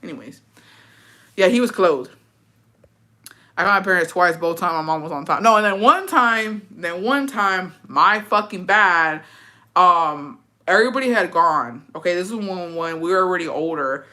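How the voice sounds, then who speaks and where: A woman's voice: fairly low pitch, normal speed, bright, forceful tone. Blunt, foul-mouthed woman storyteller. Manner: profane, blunt, frequent "bitch" tags. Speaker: livestream host reading chat. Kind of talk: casual storytelling chat.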